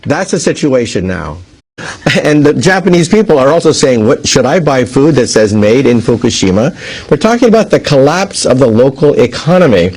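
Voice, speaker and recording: A man's voice: medium pitch, very animated, normal speed, darkish tone, breathy edge. A man explaining a nuclear accident as an expert, building long everyday analogies step by step. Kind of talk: explanatory interview speech.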